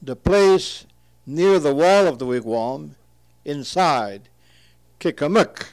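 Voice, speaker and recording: Slow, careful man reading word glosses. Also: on the high side, expressive. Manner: reads each entry aloud, repeats native words carefully and explains them. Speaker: translator of an old word list.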